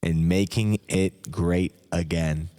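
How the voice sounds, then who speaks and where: Smug older politician, low and slow, played by a man, long echoey reverb. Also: fairly even intonation, warm tone, smooth. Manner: slow, drawn-out delivery.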